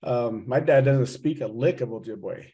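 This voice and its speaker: A man's voice: mid-range voice, unhurried, mellow. Middle-aged man, slight Southern drawl, loose joking lecturer on a video call, mid-range voice. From Oklahoma. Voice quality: chatty, teasing, loose and joking. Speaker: associate professor and speaker.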